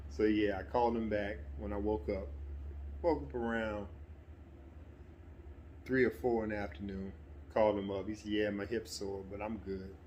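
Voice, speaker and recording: A middle-aged man with a somewhat low voice tells a personal anecdote in an easygoing, conversational way. He slips into livelier, more animated delivery now and then. A faint hum of ambient noise sits behind him. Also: normal speed, pauses often. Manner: relaxed, conversational, breaks into animated quoted voices. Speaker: storyteller. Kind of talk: casual spoken anecdote.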